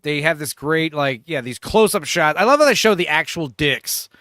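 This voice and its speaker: Animated male podcast co-host, bright voice with a slightly high pitch, retells scenes with laughter. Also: normal speed, no room sound, clean studio sound. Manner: animated storytelling, laughing often. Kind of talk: casual film chat.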